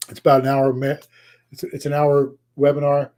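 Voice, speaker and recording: A man's voice: a little high, completely flat delivery, moderate pace, mellow. A man running a motivational real estate sales coaching session, emphatic and repeating his key points, his voice getting tired. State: voice tiring.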